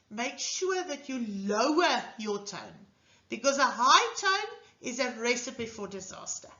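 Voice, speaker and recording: A woman's voice: high voice, sharp tone, reverberant, lo-fi sound. A woman giving an earnest, emphatic instructional lecture as a teacher trainer, in a coaching manner.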